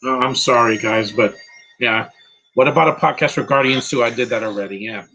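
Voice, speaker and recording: A man's voice: medium pitch, fairly quick, gravelly, pushed and bright, dull audio, soft background music. A man giving a casual, rambling live commentary on a film, emotional and close to tears. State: teary, close to crying. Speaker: movie commentator.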